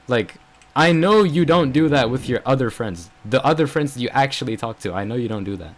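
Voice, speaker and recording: A young adult man vlogs casually, telling a story in a brisk, medium-pitched voice with lively intonation. He rambles and vents his frustration, leaning hard on fillers like "bro" and "like."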